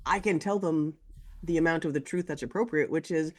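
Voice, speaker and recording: A woman co-hosting a podcast in casual chat, animated and acting out quoted lines in a higher voice. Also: brisk. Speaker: co-host.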